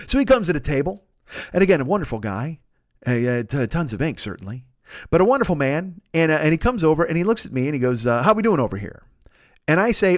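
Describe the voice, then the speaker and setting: A man's voice: mid-range voice, a little fast, dry recording, studio quality. A man telling a profane, comic story in a monologue and acting out the voices of the people in it. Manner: profane, animated, acts out voices in his stories. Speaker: podcast host.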